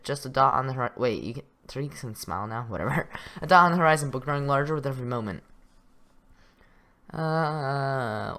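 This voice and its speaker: A man's voice: mid-range voice, pushed and bright. A young man reading a text adventure game aloud, adding casual remarks, chuckling often and stumbling over words. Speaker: gaming YouTuber.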